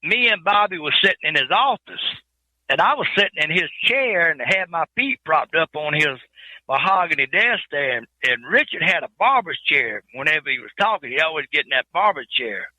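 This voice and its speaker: A man's voice: on the high side, big pitch swings, moderate pace, sharp tone, no room sound, low-quality recording. A man telling his trucking life story in an interview, in plain folksy speech with many repeated words.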